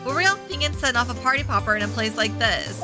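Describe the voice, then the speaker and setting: A woman's voice: high-pitched, animated, extremely slow, exaggerated voice. A woman voicing a feisty country photographer with a thick southern drawl, reading game dialogue aloud with game music behind. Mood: scolding. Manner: sassy, scolding.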